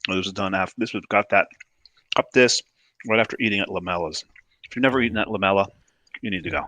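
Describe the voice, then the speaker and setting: A man's voice: lowish voice, fast talker, pushed and bright, slight background noise. A man, co-hosting a casual chat show, teasing his partner and often restarting his sentences. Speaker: co-host.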